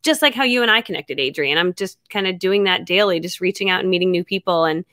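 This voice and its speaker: A middle-aged woman chatting as a guest author on a podcast, bubbly and quick, laughing often. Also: fairly low pitch, a bit bright, no echo, clean studio sound. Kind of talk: casual podcast chat.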